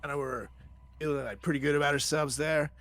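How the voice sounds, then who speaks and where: A man playing in a tabletop game, chatting casually in an excitable way. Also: on the high side, brisk. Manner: lively, excitable. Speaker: player. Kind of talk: casual tabletop gaming chat.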